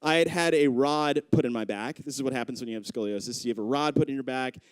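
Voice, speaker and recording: A man in his thirties doing live stand-up storytelling on a club stage into a handheld mic, acting out the people he quotes with big jumps in pitch. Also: fast, smooth, no echo. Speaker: stand-up comedian.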